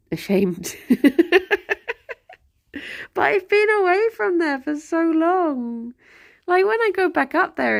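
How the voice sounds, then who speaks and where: A woman's voice: medium pitch, vocal fry. A young woman chatting casually on a livestream at home, giggling and talking to her pet rabbits. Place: at home, indoors.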